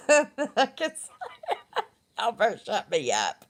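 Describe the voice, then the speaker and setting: Middle-aged woman, unhurried, lively pitch, blunt chatty stream host. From West Virginia. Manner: chatty, laughs often, blunt. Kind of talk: casual live-stream chat.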